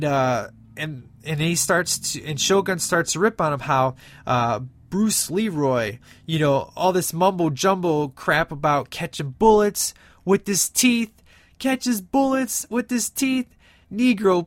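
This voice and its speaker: A man's voice: fairly high pitch, no echo. A man hosting a podcast, giving a casual, rambling retelling of a movie with lots of fillers. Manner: animated, acts out movie quotes in between. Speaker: podcast host.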